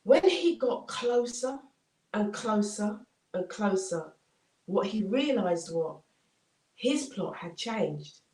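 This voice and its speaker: A woman's voice: mid-range voice, expressive, slow, darkish tone. A woman motivational speaker telling an inspirational story with dramatic repetition. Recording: roomy, distant mic.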